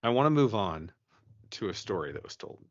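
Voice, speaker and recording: A man's voice: lowish voice, sing-song, a little fast, no echo, highs cut off. A man co-hosting a podcast, chatting casually and telling a ghost story, profane and rambling with many restarts. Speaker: podcast co-host.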